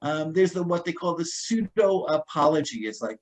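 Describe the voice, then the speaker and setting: A man with a slightly higher voice gives a relaxed, unscripted talk on staying safe. He rambles a little, restarting sentences and scattering "you know" and "um" as he explains. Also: moderate pace, low-quality recording. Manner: casual, many fillers and restarts. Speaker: guest speaker on personal safety. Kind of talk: informal talk.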